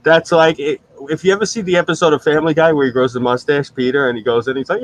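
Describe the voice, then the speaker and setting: A middle-aged man, hosting a stream with crude, animated storytelling. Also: on the high side, fast talker, few pauses, poor audio. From New York. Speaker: stream host. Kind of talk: casual profane chat.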